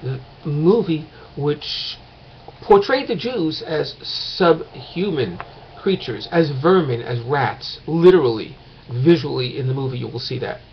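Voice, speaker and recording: A man's voice: fairly high pitch, lively intonation, measured pace, dull audio, slight background noise. A man teaching a course in a casual recorded lecture, talking late at night at home and rambling with many fillers and restarts.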